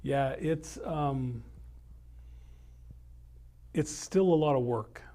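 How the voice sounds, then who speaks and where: A man's voice: mid-range voice, very slow, warm tone. Upbeat man hosting a podcast. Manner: upbeat, chatty, many fillers. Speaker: host. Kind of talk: casual podcast chat. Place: small office studio.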